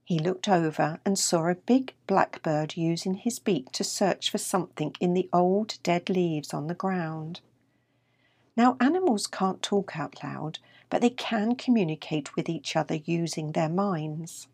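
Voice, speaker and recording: An older woman, the author, reading her children's story aloud in a calm, even way. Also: fairly low pitch, a little slow, husky, no room sound.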